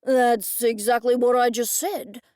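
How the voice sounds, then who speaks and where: A woman voicing a large, powerful man who speaks loudly and bluntly. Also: fairly high pitch, steady tone, measured pace, dry recording, clean studio sound, lightly acted.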